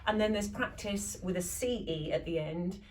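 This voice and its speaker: A woman co-presenting a casual online church devotional, laughing easily and thinking aloud with pauses. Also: medium pitch, darkish tone. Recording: distant mic with faint background noise.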